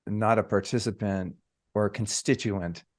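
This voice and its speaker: A man hosting a podcast, telling a personal story in a casual, reflective way with drawn-out phrases. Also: lowish voice, steady tone. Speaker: podcast host.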